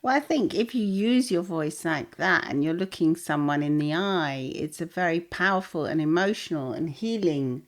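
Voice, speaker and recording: A woman with a fairly low voice co-hosting a relaxed chat. She speaks thoughtfully and agreeably, chiming in with soft affirmations between her longer points. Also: moderate pace, few pauses. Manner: reflective, agreeable, adds short affirmations. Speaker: podcast co-host. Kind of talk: casual chat.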